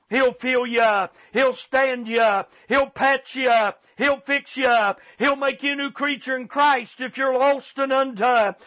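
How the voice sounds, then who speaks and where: Brief: high-pitched man preaching hard, shouting bursts, muffled broadcast sound. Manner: impassioned, shouting bursts, repeated rhetorical "can I tell you". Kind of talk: fiery radio sermon.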